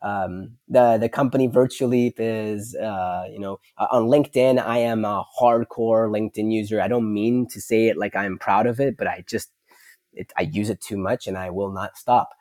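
A man speaking as a podcast guest, talking in a lively, rambling way and often restarting his sentences. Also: on the low side, normal speed, no echo, studio quality. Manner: animated, rambling, self-interrupting. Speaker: podcast guest, company founder. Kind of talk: casual interview chat.

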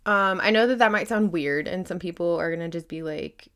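A woman's voice: fairly low pitch, fairly quick, a bit bright, smooth. A woman hosting a casual solo podcast, rambling and earnest, with lots of filler words and swearing, growing emphatic when she makes a point. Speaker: podcast host.

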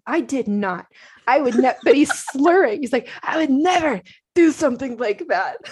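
A middle-aged woman co-hosting a casual chat podcast, telling stories in an animated way and laughing often. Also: mid-range voice. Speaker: podcast co-host.

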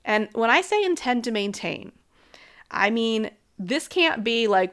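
A woman's voice: medium pitch, lively intonation, unhurried, fairly bright tone. A woman in her thirties talking alone as a host in a casual way about health and habits, frank and chatty, filling her speech with "like" and laughing often.

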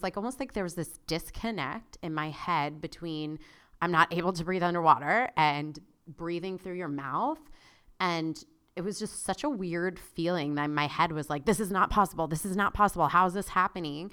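A young adult woman hosting a casual solo podcast, telling a personal story in a chatty, animated way with frequent asides. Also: deep voice, smooth. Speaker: podcast host.

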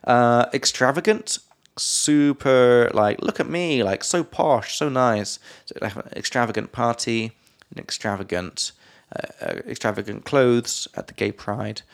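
A man's voice: mid-range voice, a little slow, creaky. A young English man with an English accent co-hosting a podcast, casually explaining vocabulary and joking between terms. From England. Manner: laughing, loose and playful, drops into silly voices. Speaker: podcast co-host, English teacher.

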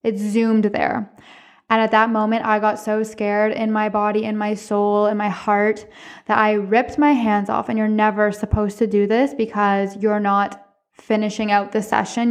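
A woman hosting a podcast, telling personal stories in a casual, expressive way with frequent laughter. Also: mid-range voice. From Canada. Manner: expressive, chatty, laughs often; speaks candidly, with some swearing. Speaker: podcast host.

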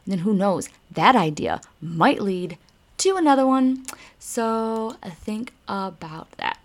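A woman's voice: mid-range voice, lively intonation, takes it slowly. A woman, hosting a casual spiritual card reading and talking straight to her listeners in a chatty, emphatic way. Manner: chatty and emphatic, swears mildly, addresses listeners directly. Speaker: spiritual card reader, podcast host.

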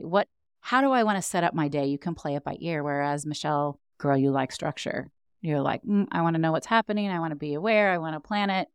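A woman's voice: deep voice, dry recording, studio quality. A woman guest coach on a podcast, explaining with animation and acting out quoted inner voices.

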